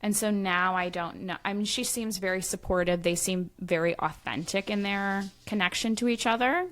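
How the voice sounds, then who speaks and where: A woman's voice: mid-range voice, moderate pace, fairly bright tone. A woman, a guest medium reading tarot, talking in a chatty, musing way on a casual podcast.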